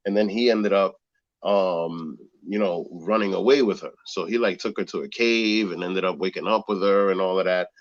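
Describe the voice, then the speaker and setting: A man with a fairly low voice tells a story with lots of energy, laughing and acting out sounds. He's chatting casually on a podcast. The recording is dull and muffled. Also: moderate pace. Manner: animated storyteller, laughs often, mimics sounds. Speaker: podcast co-host. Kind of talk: casual chat. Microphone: phone.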